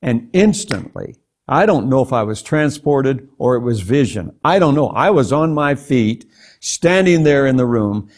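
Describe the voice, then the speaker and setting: A man's voice: mid-range voice, expressive, unhurried, a little mellow. An older man, a guest preacher, telling a personal testimony in an interview, earnest and prone to stumbling over repeated words. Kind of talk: testimony in a talk show interview.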